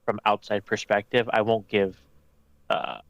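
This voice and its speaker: A man's voice: fairly low pitch, little pitch movement, a little slow, creaky, fairly bright tone, no room sound, highs cut off. A man playing a tabletop game, joking around and stammering through repeats. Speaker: player.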